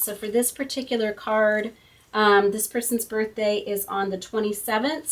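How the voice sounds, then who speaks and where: A woman's voice: medium pitch, distant mic. A woman hosting a casual card-making tutorial at her craft table, chatty and thinking aloud as she works. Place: home craft room.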